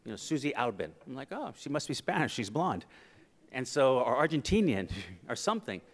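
A man's voice: medium pitch, brisk. A middle-aged man giving a humorous keynote speech at a conference, telling personal stories and acting out quoted voices. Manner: animated, acts out quoted voices for laughs. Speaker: keynote speaker. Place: conference hall. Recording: reverberant hall.

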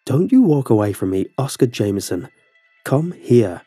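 A man's voice: medium pitch, sing-song, moderate pace, warm tone, husky, no room sound, soft background music. A man voicing a stern, angry middle-aged father who speaks in a tight, clipped voice.

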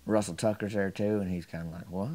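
A man telling a folksy comedic story to camera in a drawling, deadpan, chatty way. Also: lowish voice, quick pace.

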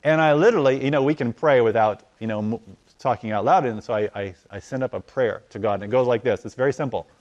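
A man telling a story in conversation, acting out the dialogue as his voice swings from loud to hushed. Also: medium pitch, quick pace, lo-fi sound. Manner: animated, acts out dialogue with voice rising and falling. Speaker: guest telling a testimony.

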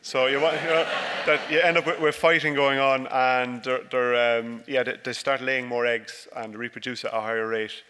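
A man, a dairy farmer, giving a relaxed, joking conference talk with many fillers and restarts, recorded by a stage microphone. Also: mid-range voice, normal speed, hardly any pauses, smooth. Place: large conference hall. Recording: reverberant hall.

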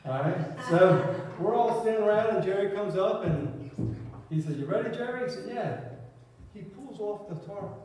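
A man's voice: sits high, expressive, normal speed, a little mellow. A man giving a eulogy, telling an upbeat story about a friend and laughing through it. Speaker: eulogy speaker. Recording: echoey hall from far off.

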